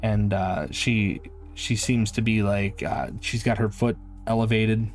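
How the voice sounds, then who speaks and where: A man's voice: on the low side, steady tone, measured pace, faint music behind. A man narrating a tabletop game as game master, hesitant and full of restarts.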